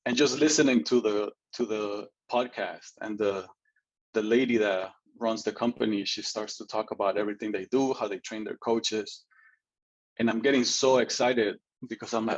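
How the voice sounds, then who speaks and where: A man's voice: lowish voice, normal speed, breathy edge, lo-fi sound. A man telling his personal story as an interview guest, earnest and chatty, often adding "right?" and laughing a little.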